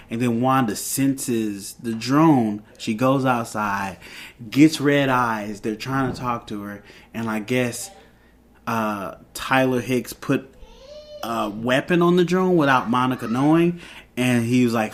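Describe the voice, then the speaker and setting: A man's voice: mid-range voice, unhurried. Rambling male TV reviewer. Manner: rambling, with many fillers and restarts. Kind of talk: casual episode recap.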